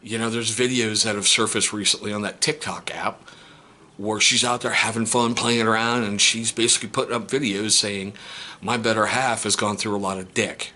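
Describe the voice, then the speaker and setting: A middle-aged step-parent vlogger, angry and holding himself back, talking through a painful family situation in a personal monologue. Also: male voice, on the low side, fairly even intonation, moderate pace. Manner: seething, restrained, voice cracking into sharp outbursts.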